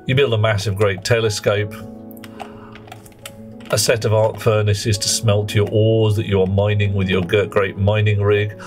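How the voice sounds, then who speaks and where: A man's voice: lowish voice, level tone, unhurried, music in the background. A man streaming a game live, chatting in a jokey, rambling way and greeting viewers between explanations.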